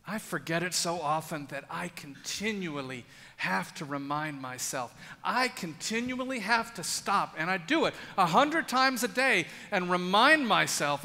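Male pastor, sermon, earnest, intimate, dramatic pauses, high voice, long church reverb. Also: animated, bright, forceful tone. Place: large church.

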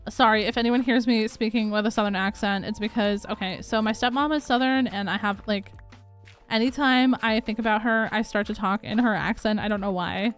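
A young woman hosting a relaxed gaming livestream, chatting upbeat and giggly with her viewers and reading their messages. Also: mid-range voice, brisk, clear, resonant tone. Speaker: livestream host. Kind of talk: casual chat while gaming, reading chat. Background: faint background music.

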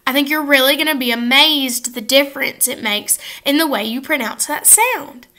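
A woman teaches a children's phonics lesson to the camera in a high, bright voice. She is upbeat and slows down to model each sound clearly for the kids to repeat. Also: expressive. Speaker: first grade teacher. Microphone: facing camera at close range.

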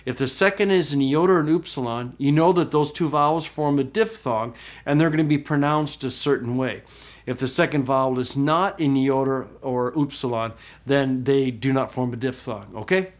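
A man teaching a recorded class, explaining step by step, often checking in with "okay?", and slowing way down to model pronunciations. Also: mid-range voice. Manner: slow, drawn-out demonstration of pronunciations. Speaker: Greek teacher.

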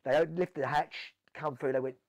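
A man with a South London accent, telling stories in an animated way as an interview guest, acting out what people said. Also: on the high side, moderate pace, dry recording. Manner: animated storytelling, acts out quotes, swears. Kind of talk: storytelling interview.

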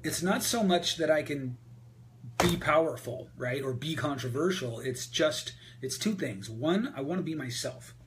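A man coaching an audience on a group call, answering their questions about voice and speaking in a candid, energetic way with frequent fillers. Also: on the high side, measured pace, background noise. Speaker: voice and presentation coach. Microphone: video call.

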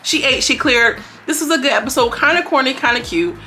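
A young woman giving a casual recap of a reality show, animated and slangy, often slipping into voices for the people she quotes. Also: sits high, brisk, a little hiss or hum. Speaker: reality TV reviewer.

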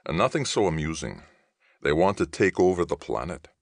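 A man voicing a gruff, curt middle-aged soldier in an audiobook. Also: low voice, sing-song, moderate pace, no room sound, studio quality, heavily acted. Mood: grim. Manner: growling, curt. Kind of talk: audiobook reading.

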